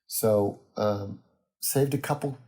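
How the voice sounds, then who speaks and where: A young man hosting a solo podcast, chatting in a rambling, easygoing way with many pauses and fillers. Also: on the low side, dark tone. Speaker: podcast host. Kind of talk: casual solo podcast monologue.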